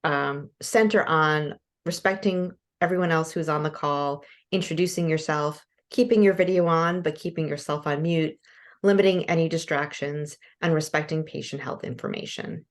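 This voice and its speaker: Woman moderator reading an introduction. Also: low voice. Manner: reads guidelines and bio in a measured way. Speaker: webinar moderator. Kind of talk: scripted introduction. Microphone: video call.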